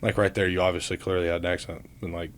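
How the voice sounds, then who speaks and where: A young man in his twenties with a deep, low voice, co-hosting a relaxed podcast chat. His delivery is laid-back and loose, with frequent filler words. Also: fast. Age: 20s. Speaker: podcast co-host, college football player. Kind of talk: casual chat.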